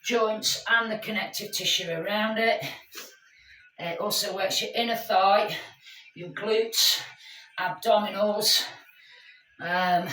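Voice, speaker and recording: Chatty fitness instructor, slow and echoey. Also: female voice, medium pitch, a bit bright, slight background noise. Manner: chatty, encouraging, addresses class as guys. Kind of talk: live workout class instruction. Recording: echoey room, mic at a distance.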